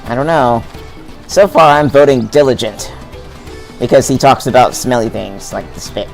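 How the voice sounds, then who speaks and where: A man's voice: mid-range voice, moderate pace, creaky, soft background music. A man playing a game with a friend, reading character lines in a light playful voice. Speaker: player voicing game characters. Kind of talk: casual co-op game voice-acting.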